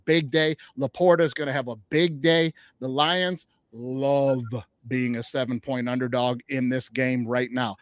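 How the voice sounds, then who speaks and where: A man hosting a sports podcast, talking up his team with loud, trash-talking fan energy. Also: a little high, dry recording, clean studio sound. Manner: hyped, trash-talking Detroit Lions fan. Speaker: podcast host. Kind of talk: casual sports betting chat.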